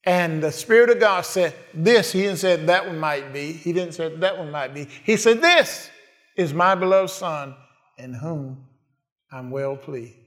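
Slow, high-voiced preacher man. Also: animated. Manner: call-and-response preaching, asks the congregation questions. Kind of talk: sermon.

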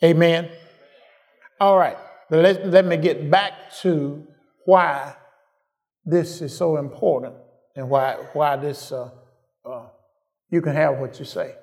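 A male preacher with a fairly high voice delivers his sermon at a slow, deliberate pace. He repeats his phrases for emphasis and keeps asking the congregation whether he is right. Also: darkish tone.

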